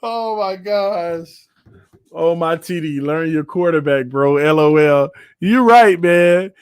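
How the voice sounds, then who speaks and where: Man, live-stream host, laughing, joking, high voice, dry close sound. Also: measured pace, smooth, dry recording. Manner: animated, laughing, joking, stumbling over names. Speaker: channel host. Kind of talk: casual live-stream chat reading viewer comments.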